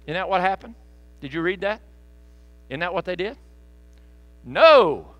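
A man preaching a sermon, folksy and animated, with joking asides to the congregation. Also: high-pitched, brisk, no room sound, lo-fi sound. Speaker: pastor.

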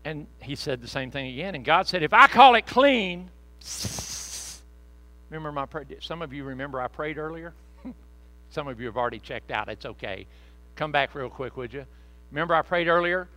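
A man's voice: mid-range voice, a little fast, bright, forceful tone, no echo, low-quality recording. A man preaching a sermon as pastor, folksy and conversational with joking asides to the congregation.

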